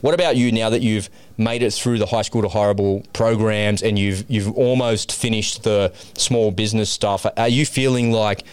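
A man's voice: fairly low pitch, steady tone, moderate pace, few pauses, clear, resonant tone, no echo. A man hosting a podcast, asking questions in a friendly, encouraging way. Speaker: podcast host. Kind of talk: casual podcast interview.

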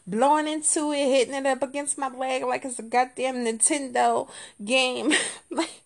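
A woman hosting a podcast, telling a story in casual chat with lots of repetition, jumping between low muttering and high, indignant exclaims. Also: fairly even intonation, normal speed, creaky. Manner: colloquial, repeats phrases. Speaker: podcast host.

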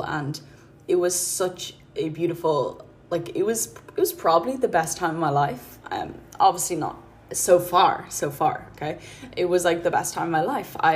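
A woman's voice: lowish voice, a little hiss or hum. A woman hosting a podcast, talking through her thoughts in a rambling, earnest way with lots of "like" and "um". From Ireland. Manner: rambling, heavy use of "like" and "um", gentle and earnest. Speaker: podcast host. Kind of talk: casual reflective podcast monologue.

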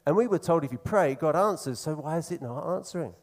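A man preaching a sermon in an earnest, conversational way, slowing down to stress key phrases. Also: a little high, animated.

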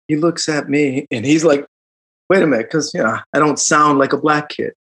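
Gravelly middle-aged man telling a story. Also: a little high. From Chicago, United States. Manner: reflective, animated retelling with quick laughs and fillers. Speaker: guest. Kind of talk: storytelling interview.

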